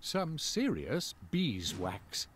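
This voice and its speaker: A man giving whimsical, measured storybook narration in a game. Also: mid-range voice, huge pitch swings, fairly bright tone, slight background noise, exaggerated voice. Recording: game audio with music behind.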